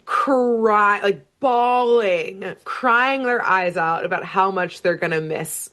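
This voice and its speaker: A woman co-hosting a podcast, recapping a cartoon episode in casual, animated storytelling with lots of "like". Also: medium pitch, slow pace. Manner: animated storytelling with frequent laughs and "like". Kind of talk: casual chat.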